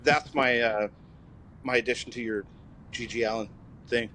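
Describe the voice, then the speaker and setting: A man telling loose, relaxed anecdotes as a guest in a casual chat. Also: medium pitch, moderate pace.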